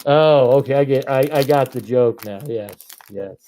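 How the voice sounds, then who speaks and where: A man, hosting a live card break stream, reading off names and breaking into excited shouts. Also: mid-range voice, normal speed, slight background noise.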